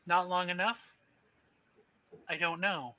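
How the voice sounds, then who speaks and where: A man voicing a calm, gently cheerful woman devoted to a strange cult, as a game master's character in a tabletop game. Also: sits high, takes it slowly, dry recording, lo-fi sound, voice pushed up, heavily acted. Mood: serene. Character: serene cult-devoted woman of no clear age.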